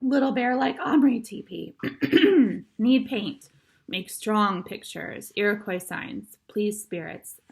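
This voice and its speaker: A woman voicing a tiny, stern, proud male warrior in a storybook reading, speaking in slow, clipped, broken sentences. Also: medium pitch, animated, creaky. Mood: firm.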